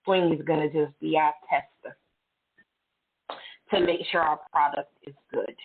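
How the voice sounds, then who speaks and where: A woman's voice: low-pitched, measured pace, breathy edge. A middle-aged woman hosting a casual chat, candid and chatty, acting out her own stories. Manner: candid, chatty, animated self-quoting storyteller. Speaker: host. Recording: tinny phone-like audio.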